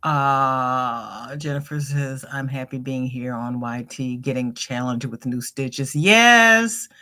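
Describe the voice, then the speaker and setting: A woman's voice: extremely low pitch, slow, bright, forceful tone. A middle-aged woman hosting a crochet livestream, chatting casually, reading viewers' comments aloud and greeting them by name with laughter.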